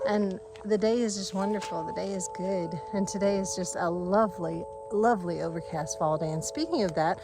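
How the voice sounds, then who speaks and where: Music plays behind a woman vlogging for her family farm channel as she walks outdoors on a rural driveway and yard. She talks briskly with vocal fry and hardly any pauses, at a medium pitch, rambling earnestly and warmly to her viewers and her animals.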